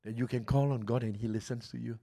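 A middle-aged man preaching a sermon as pastor, telling stories passionately and swinging from loud outbursts to hushed, quiet lines. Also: mid-range voice, fairly even intonation, quick pace, vocal fry.

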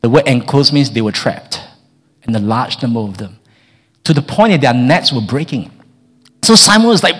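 A man preaches a lively sermon, often stammering and repeating words as he acts out the people in the story. His voice sits high, at a moderate pace.

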